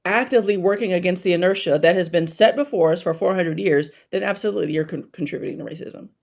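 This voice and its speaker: A woman's voice: on the low side, gravelly, darkish tone. A woman guest on an interview show, speaking emphatically and colloquially as a racial equity strategist. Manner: emphatic, colloquial, quick asides. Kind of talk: casual interview talk.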